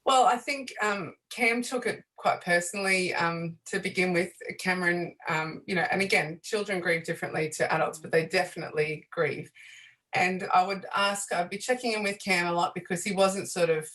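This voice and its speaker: A woman in her forties, a bereaved mother and author, speaking softly and hesitantly with many fillers in a radio interview. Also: lowish voice, moderate pace, low-quality recording. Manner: soft-spoken, hesitant, many fillers and restarts.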